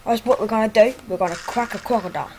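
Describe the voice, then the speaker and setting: A woman's voice: medium pitch, fast talker, warm tone, a little hiss or hum, natural voice. A woman doing an impression of a brash male Australian wildlife presenter, with a put-on Australian accent and a boisterous drawl.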